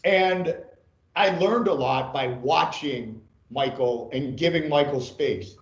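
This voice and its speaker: A middle-aged man from Ohio, a sportscaster guest telling animated stories, repeating phrases for emphasis and swearing freely. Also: medium pitch, slow, echoey room, dull audio. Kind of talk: animated storytelling.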